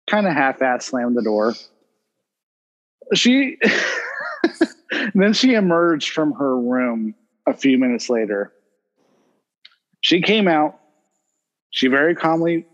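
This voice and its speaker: A man's voice: mid-range voice, in a large hall, muffled recording. A man hosting a casual podcast, telling a family story and laughing often as he talks. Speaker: podcast host. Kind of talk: casual chat.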